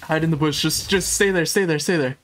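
A man streaming a shooter game live, swearing often and shouting at a teammate with frequent laughter. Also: a little fast. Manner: laughs often, voice jumps high when excited. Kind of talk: live gaming stream commentary.

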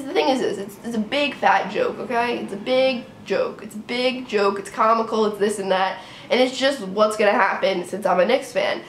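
A young woman with a sinus infection ranting casually to camera as a sports vlogger, animated and exasperated, often asking "right?". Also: on the high side, roomy sound, a little hiss or hum. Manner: animated, exasperated, talks in quick bursts with many "right?"s. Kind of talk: casual fan rant to camera.

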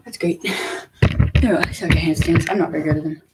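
A woman's voice: low voice, brisk, heavy background noise. Giggly young woman, nervous and breathless. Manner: giggly, nervous, talks to herself. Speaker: vlogger. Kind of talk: casual talk while exercising.

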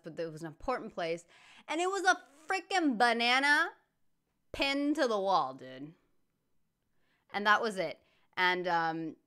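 A woman's voice: medium pitch, clear, resonant tone. A woman from the United States hosting a reaction video, ranting casually with lots of fillers and restarts. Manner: animated, frequent fillers and restarts, swears casually. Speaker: reaction channel host.

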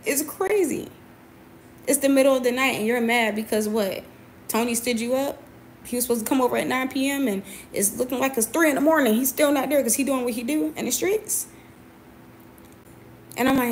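A woman's voice: fairly high pitch, normal speed, a little hiss or hum. A young adult woman, a boxer, venting to camera in a confrontational, emphatic way, often repeating her points. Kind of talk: personal venting monologue.

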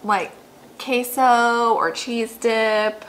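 A woman's voice: on the high side, little pitch movement, extremely slow, a bit bright, slight background noise, rough recording. A young woman co-hosting a food vlog, chatty and enthusiastic, tasting food and reading menu descriptions aloud. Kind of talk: casual food review chat.

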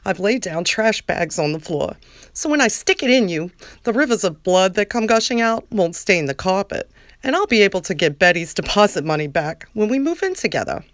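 A woman voicing a crude, lecherous, bossy man in a comic reading of a fan-written scene, with a flat, low-key commanding delivery. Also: moderate pace, no room sound, clean studio sound, lightly acted. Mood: smug, bossy.

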